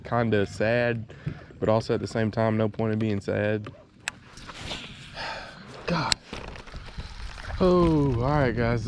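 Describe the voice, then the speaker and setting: A man, vlogging while fishing from a kayak and talking excitedly and frustratedly to himself. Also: medium pitch. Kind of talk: casual vlog talk to camera. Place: outdoors on a kayak on a lake. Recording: noisy outdoor camera audio.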